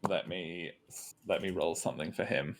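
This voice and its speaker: A man's voice: low-pitched, moderate pace. A man running a tabletop game as game master, describing scenes hesitantly with many ums and uhs.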